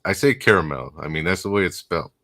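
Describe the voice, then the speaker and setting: Low-voiced laid-back male host. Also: racing, fairly bright tone. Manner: laid-back, asks questions, reads comments. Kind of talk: casual chat.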